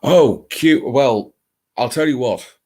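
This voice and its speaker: A man's voice: medium pitch, slow, warm tone, breathy edge. A man hosting a casual late-night live stream, chatting in a rambling, playful, self-mocking way.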